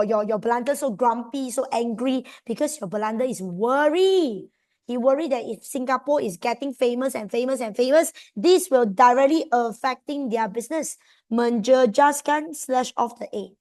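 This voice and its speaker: Woman, Malaysian English accent, history tutor, animated, coaxing, slightly high voice. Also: moderate pace. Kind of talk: exam seminar lecture.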